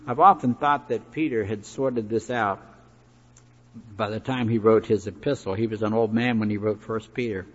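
A man's voice: fairly low pitch, fairly even intonation, moderate pace. A man preaching a sermon in a folksy, conversational way, with asides and fillers. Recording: echoey hall, dull lo-fi recording.

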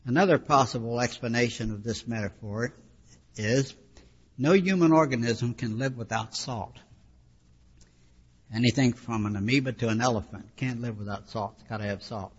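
A man's voice: mid-range voice, moderate pace, slightly rough. A man preaching a sermon, explaining scripture in a conversational teaching way with frequent asides. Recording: dull lo-fi recording with long hall reverb.

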